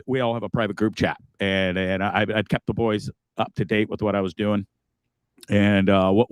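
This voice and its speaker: A man's voice: on the low side, dry recording. Rambling, cursing man host, dry mic. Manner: rambling, remorseful, swears freely, stammers in restarts. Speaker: live-stream host. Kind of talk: casual live-stream monologue. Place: inside a bus.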